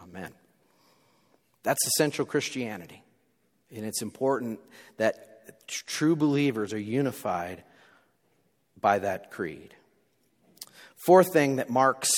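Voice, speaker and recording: Middle-aged pastor preaching in a reverberant hall. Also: male voice, medium pitch. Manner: earnest preaching, reads scripture aloud, repeats words when restarting. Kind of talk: sermon. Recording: long reverb of a large hall.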